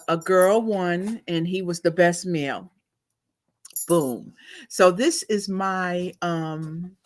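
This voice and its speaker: A woman host telling a long, chatty story in a casual live stream, laughing as she goes. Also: mid-range voice.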